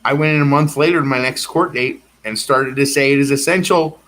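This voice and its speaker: Insistent rambling man, mid-pitched voice. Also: fairly even intonation, a little fast, fairly bright tone. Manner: insistent and repetitive, circling back to the same claims. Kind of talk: rambling personal monologue.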